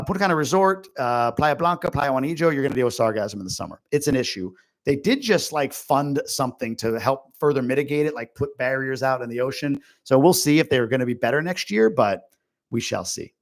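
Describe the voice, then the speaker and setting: A man hosting a casual livestream Q&A, answering viewer questions in a chatty, rambling way full of fillers and asides. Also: mid-range voice. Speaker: host.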